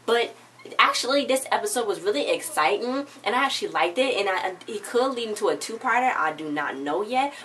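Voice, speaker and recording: A woman's voice: mid-range voice, lively intonation, brisk, fairly bright tone. A woman casually recapping a TV episode in a rambling way, filling her talk with "like" and restarts. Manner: rambling, filler-heavy, "like" every few words. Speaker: TV episode reviewer. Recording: distant mic, faint background noise.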